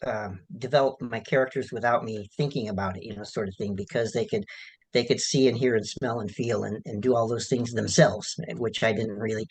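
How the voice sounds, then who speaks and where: A man, an author being interviewed, answering in a halting, rambling way with many restarts and fillers. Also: mid-range voice, breathy edge, low-quality recording. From United States.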